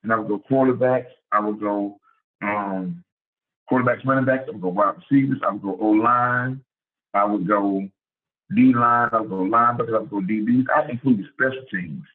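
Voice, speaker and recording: A man who coaches high school football, giving a lively, conversational clinic talk and repeating words as he goes. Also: moderate pace. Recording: tinny phone-like sound.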